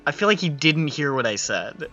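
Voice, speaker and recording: A man's voice: a little high, big pitch swings, a little fast, bright, forceful tone, soft background music. A man running a tabletop game as game master, talking in exasperated, laughing asides. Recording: dull lo-fi sound.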